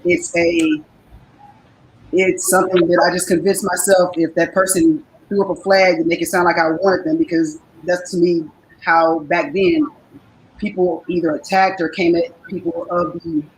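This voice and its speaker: A woman's voice: lowish voice, little pitch movement, normal speed, rough recording. Hesitant, reflective woman, faint noise. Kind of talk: casual group chat.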